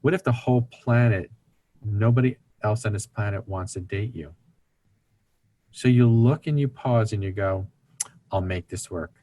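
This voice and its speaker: The guest, a recovery ministry speaker, has a lowish, dark voice and moves at a moderate pace. Being interviewed, he explains family dynamics in an earnest, teaching manner, imitating the voices of those he quotes.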